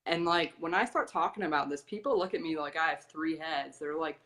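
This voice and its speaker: A woman's voice: low-pitched, brisk, fairly bright tone. Young American woman explaining dog training. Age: young adult. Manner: matter-of-fact, explanatory, with frequent ums. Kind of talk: casual interview talk.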